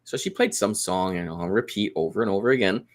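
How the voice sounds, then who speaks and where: A man's voice: lowish voice, fast talker. A man telling a family story in casual podcast chat, acting out the quotes. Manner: animated storyteller, acts out quotes. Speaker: guest.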